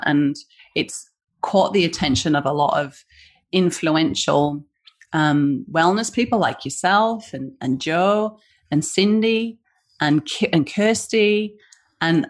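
A woman speaking over a video call, with a slightly low voice. She talks in a chatty, storytelling way, with plenty of fillers, and acts out the lines of people in her story. She sounds like a founder being interviewed as a guest. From Western Australia. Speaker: guest, small business founder.

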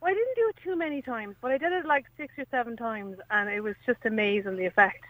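A woman's voice: a little high, quick pace, a bit bright, no echo, rough recording. A young Irish woman calling a radio show, nervous and chatty as she tells a story. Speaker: radio caller. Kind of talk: phone-in chat.

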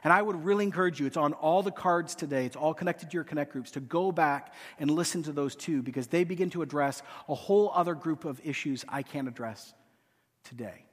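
A man preaching a sermon and leading a hushed, pleading prayer from a church stage. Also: a little high, fairly quick. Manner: earnest, hushed and pleading, voicing Jesus softly. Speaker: pastor. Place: large church auditorium. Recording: long hall reverb.

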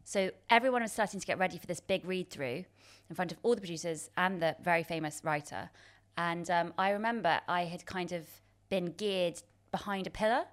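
A woman's voice: lowish voice, fairly quick, hardly any pauses. Woman in her 30s chatting, self-deprecating, laughing, lots of restarts. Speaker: guest. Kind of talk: casual chat.

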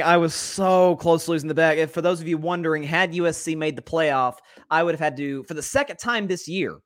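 A man hosting a sports podcast in loose, casual talk. His voice sits a little high for a man, and he gets excitable, laughing and stumbling over repeated words. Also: no echo, studio quality. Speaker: podcast host.

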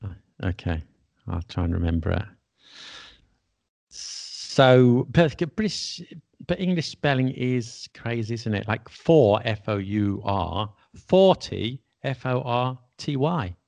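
A man's voice: mid-range voice, expressive, slow, creaky, a little mellow, no room sound. A man who teaches English, chatting casually and laughing at his own mistakes. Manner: chatty, self-deprecating, laughs often. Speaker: podcast host and English teacher. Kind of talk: casual conversation.

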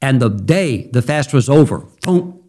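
A man's voice: mid-range voice, lively intonation, a little slow, dark tone. A middle-aged male pastor preaching a sermon in a conversational, storytelling way, with sudden emphatic jumps.

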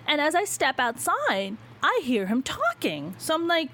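A young woman hosting a podcast tells a story in casual chat, swearing freely and acting out the voices of the people involved. She is animated, with a high-pitched voice and an unhurried pace.

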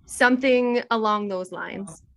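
A woman's voice: a little high, measured pace. A woman hosting a podcast interview, effusive and encouraging toward her guest. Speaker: podcast host.

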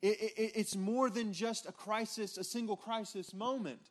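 A man's voice: sits high, steady tone, moderate pace. A man preaching a casual, conversational sermon from a church stage, often checking in with his congregation and restarting his phrases. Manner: informal, repeats words and restarts, frequent "right?" checks with congregation. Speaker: pastor.

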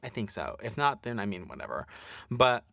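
A man co-hosting a podcast in casual chat, animated and profane, acting out quotes. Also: mid-range voice, fairly quick, gravelly, no echo, studio quality. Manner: animated, swears a lot, acts out quotes. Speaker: podcast co-host.

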